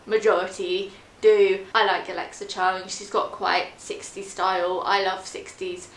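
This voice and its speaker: A woman's voice: medium pitch, level tone, unhurried, echoey room, slight background noise. A young woman from England, chatting casually and self-deprecatingly through a question tag on her fashion vlog. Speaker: fashion vlogger.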